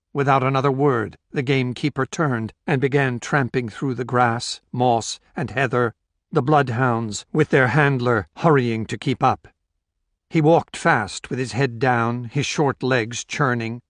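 The clean studio recording has no room sound and features a man narrating an audiobook. He reads the novel's script in a mid-range voice, steady and measured like a storyteller.

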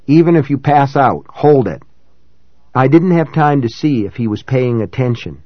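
A man reading a novel aloud in first person, in a measured, dramatic way that rises for shouted dialogue. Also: medium pitch, dry recording, muffled recording. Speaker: audiobook narrator. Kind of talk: scripted first-person narration.

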